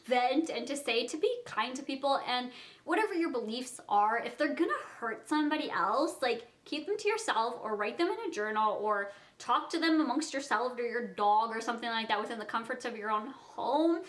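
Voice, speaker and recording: A young woman sits in front of her camera and tells a story. She speaks with a slightly high pitch and keeps filling her sentences with "like". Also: lively intonation, moderate pace, fairly bright tone. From Canada. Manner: chatty, fills speech with "like". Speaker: vlogger. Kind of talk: casual storytime vlog.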